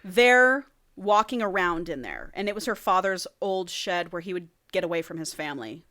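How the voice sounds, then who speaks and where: A woman on a casual podcast tells a story in an animated, profane way, slipping into the characters' lines as she goes. Her voice sits a little low for a woman. She moves between a chatty recap and a steadier read-aloud. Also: normal speed, no room sound. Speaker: podcast co-host.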